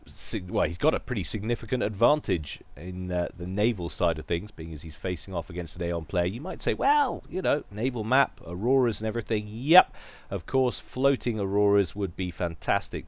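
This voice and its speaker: Low-voiced man casting a game. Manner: chatty, joking, self-deprecating. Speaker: game commentator. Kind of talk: casual video game commentary.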